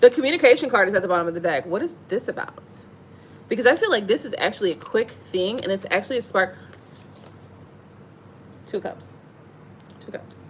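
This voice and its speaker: A woman giving a casual, playful tarot reading, talking in an animated way full of slang and laughter. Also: medium pitch, quick pace, slight background noise. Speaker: tarot reader.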